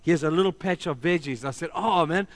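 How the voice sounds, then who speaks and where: A middle-aged man preaching a sermon as pastor, telling stories emphatically and swinging between loud passages and hushed ones. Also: a little high, fast, dry recording.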